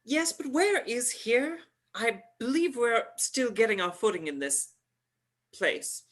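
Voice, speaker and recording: A woman voicing an earnest, self-assured woman who lectures in a measured, declaiming way in a live play reading. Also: on the high side, animated.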